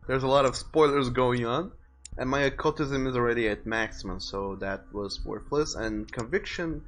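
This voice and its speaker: A man's voice: mid-range voice, normal speed, a bit bright. A man giving casual let's-play commentary on a live stream, chatting and reading game text and viewer messages aloud.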